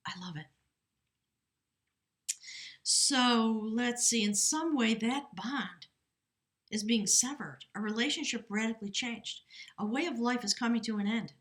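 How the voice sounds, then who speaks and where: Bright-voiced woman giving a tarot reading. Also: fairly high pitch, measured pace, long pauses. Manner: enthusiastic, chatty, reads aloud from a rune book. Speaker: tarot reader. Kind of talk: casual spoken tarot reading.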